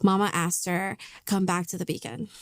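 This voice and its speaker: A woman's voice: on the low side, moderate pace, a little hiss or hum. A woman co-hosting a podcast, chatting casually and telling stories with big emotion. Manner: animated, emotional storyteller. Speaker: podcast co-host. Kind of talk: casual chat.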